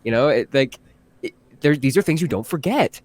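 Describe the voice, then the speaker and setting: A man, a voice actor guest on a live-stream interview, talking earnestly and haltingly with many restarts. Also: mid-range voice, animated, a little mellow, dry recording.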